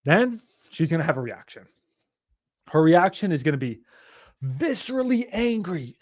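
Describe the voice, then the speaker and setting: Man, high-pitched casual coach, animated and profane, dry close sound. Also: normal speed, no echo. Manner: animated, profane, acts out phone calls. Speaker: real estate investing coach.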